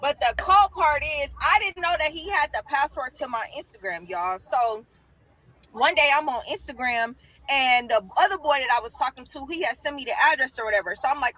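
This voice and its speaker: A woman's voice: high-pitched, brisk, no room sound. A young woman casually telling a profane story, calling her listeners y'all. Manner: animated, addresses listeners as y'all. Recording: noisy recording.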